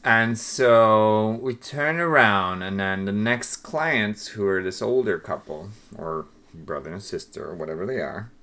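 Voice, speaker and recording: Low-voiced man telling a story. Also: a little slow. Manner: animated retelling, acts out quoted voices. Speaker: podcast co-host. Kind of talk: casual storytelling chat.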